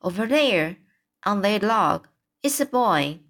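A woman reading aloud as a watchful mother swan in a storybook, hushed and reasonable. She speaks slowly, at a middling pitch close to the reader's own. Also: animated.

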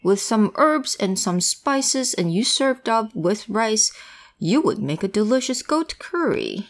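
A woman voicing a greedy, hungry male troll in a storybook reading, drawing out his words slowly. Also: mid-range voice, big pitch swings. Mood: gloating. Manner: slow, grunting, gloating.

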